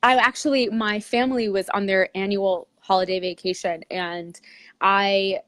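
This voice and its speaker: A woman guest in an interview, telling her travel story in a chatty, expressive way with lots of "like". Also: mid-range voice, moderate pace, no echo. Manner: chatty, heavy use of "like", expressive retelling.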